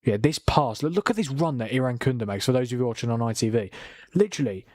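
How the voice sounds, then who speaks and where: A young man chats on a live football watchalong stream, a little tired after a long night of watching. He swears now and then, laughs, and reads viewer comments aloud, in a mid-range, slightly mellow voice that's fast with lively intonation and no echo.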